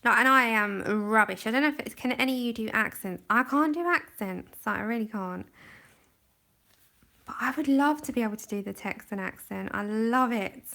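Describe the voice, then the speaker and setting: Woman, young, rambling livestream chat while colouring, bright tone, gravelly edge. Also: on the high side, moderate pace. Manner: chatty, giggly, rambling. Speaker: livestream host. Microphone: camera just in front of her face.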